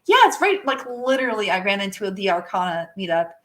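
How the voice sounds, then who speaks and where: A woman co-hosting a casual livestream talk show, chatty and quick to laugh, often trailing off and correcting herself. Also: medium pitch, animated, fairly bright tone. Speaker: podcast co-host.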